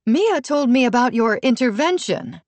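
A woman narrating an audiobook voices an anxious, panicked mother who speaks high and tense. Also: very animated, moderate pace, darkish tone, no room sound. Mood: panicked, accusing.

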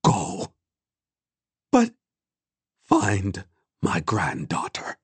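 A man's voice: medium pitch, expressive, slow pace, creaky, dry recording, pitched above the performer's own voice, heavily acted. A man voicing a stern, resolute old woman elder in an audiobook, firm and commanding. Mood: calm. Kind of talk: audiobook character voice.

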